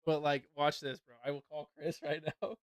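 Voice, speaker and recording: A man's voice: a little high, little pitch movement, moderate pace, clean tone, no echo, clean studio sound. A young man hosting a podcast, telling a profane story with lots of laughter, then commenting on a fight. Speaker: podcast host.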